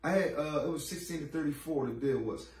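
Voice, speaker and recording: A man's voice: on the high side, quick pace, darkish tone, far from the mic, a little hiss or hum. A man in his late thirties, a podcast interview guest, telling his story in blunt, profane street talk and acting out the voices of others. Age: 30s. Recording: roomy echo, off-mic, faint ambience.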